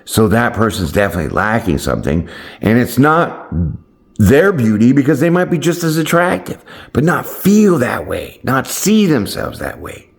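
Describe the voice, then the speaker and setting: A man hosting his own channel, talking casually and encouragingly to his viewers. He speaks in loose, slangy language with some playful swearing, and keeps checking in with "right?" and "my friends.". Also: mid-range voice. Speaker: tarot channel host. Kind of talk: casual motivational chat to camera.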